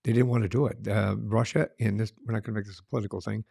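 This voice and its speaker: A middle-aged man with a low, gravelly voice co-hosts a casual film review chat. He talks earnestly and keeps restarting his phrases. The sound is dry and close, with no room around it. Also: steady tone, very fast, mellow, no echo.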